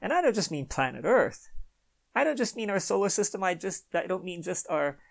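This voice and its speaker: Gravelly opinionated man hosting a podcast. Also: high-pitched, expressive, brisk. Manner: opinionated, rambling, chuckles often, apologetic asides. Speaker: podcast host. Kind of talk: unscripted solo podcast monologue.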